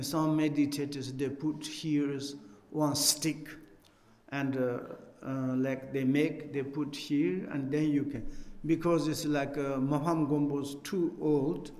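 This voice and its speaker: A man, a Buddhist teacher, explaining a text and telling a story in halting, non-native English with many restarts, joking with his listeners. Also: medium pitch, darkish tone, echoey room, big-room sound. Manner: jokes and laughs with listeners.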